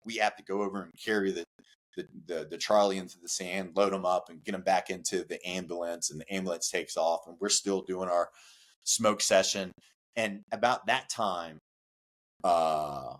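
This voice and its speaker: A man guest on a podcast, telling a rowdy story casually, with lots of "like" fillers, cursing and acted-out shouts. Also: sits low. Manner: animated, profane, many "like" fillers, acts out shouts.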